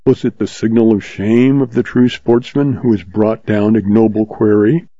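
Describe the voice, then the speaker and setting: A man narrating a story in a steady audiobook reading. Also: on the low side, moderate pace, dry recording. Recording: slightly dull, dry recording.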